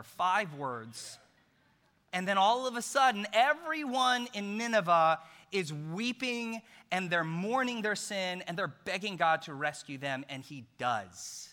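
A man preaching a sermon in a forceful, tense voice that sits a little high. He tells the story in an animated way and drops jokes along the way. A long hall reverb trails each phrase.

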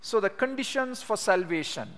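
A man preaching a sermon, emphatic, slowing down to stress key words. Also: high voice, expressive, fairly bright tone. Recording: long hall reverb.

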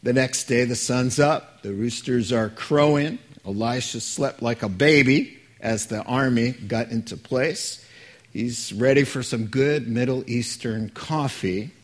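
A man's voice: mid-range voice, measured pace. A man preaching a sermon as a pastor, conversational and joking with the congregation.

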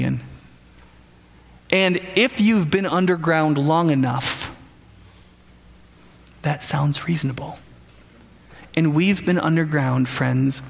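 A man's voice: on the high side, slow pace, gravelly, pauses often, long reverb tail. A man preaching a sermon in a conversational way, often stammering and restarting and putting questions to the listeners.

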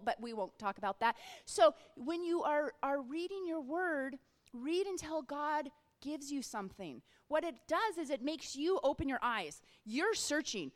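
A woman's voice: high voice, expressive, unhurried. A middle-aged woman giving an earnest faith-based encouragement talk, telling stories and acting out her own thoughts. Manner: earnest, storytelling, acts out quoted thoughts. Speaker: Christian speaker. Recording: long hall reverb.

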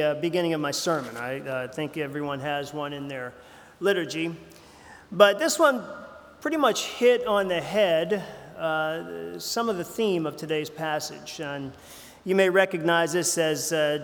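A man preaching in a loose, conversational way, stumbling over fillers and restarting his sentences as he goes. His voice sits a bit high for a man. It rings out with a long reverb across a large church sanctuary. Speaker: pastor. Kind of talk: sermon.

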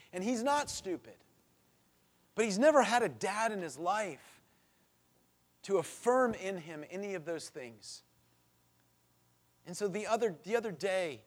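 A middle-aged man preaching a sermon as pastor, earnest and building to impassioned pleas. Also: high voice.

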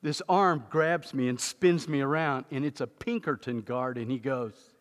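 A man preaching a sermon in a church, telling humorous stories and building to loud emphatic moments. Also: mid-range voice, unhurried, hardly any pauses. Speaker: pastor. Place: church sanctuary. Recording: long hall reverb.

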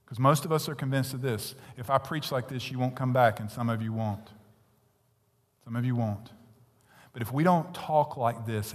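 Male pastor, blunt, fiery sermon delivery, mid-pitched, church-hall reverb. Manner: blunt, intense preaching with sudden hushed whispers and loud peaks.

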